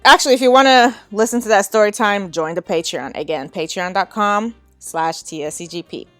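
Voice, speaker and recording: A woman's voice: medium pitch, brisk, no room sound, faint music behind. Candid woman podcast host telling a story. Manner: candid, frank, laughs often. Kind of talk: casual storytelling.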